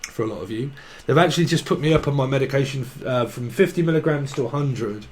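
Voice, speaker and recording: A man with a mid-range voice speaks quickly while giving a rambling tarot channelling monologue. He free-associates through wordplay and keeps laughing at himself in giggly asides.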